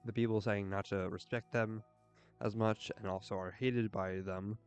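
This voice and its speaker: Young man, low-ish voice, earnest, rambling, casual gaming stream chat, soft music underneath. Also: fairly even intonation, normal speed, clean tone. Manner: earnest, rambling, with frequent "like" fillers.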